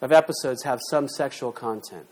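A middle-aged man preaching a sermon, emphatic, with rhetorical questions and sudden swings in loudness. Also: medium pitch, moderate pace. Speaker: pastor.

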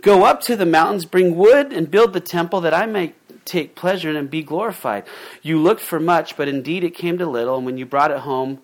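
A man's voice: fairly high pitch, brisk. A male pastor preaching a sermon in a conversational way, reading scripture and then retelling it in plain, casual words with fillers and restarts. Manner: reads scripture aloud, then paraphrases it informally.

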